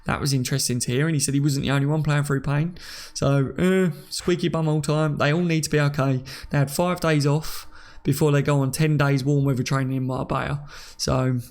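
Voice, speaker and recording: A man's voice: medium pitch, vocal fry. A young man hosting a casual live stream, reading viewer comments aloud and laughing often.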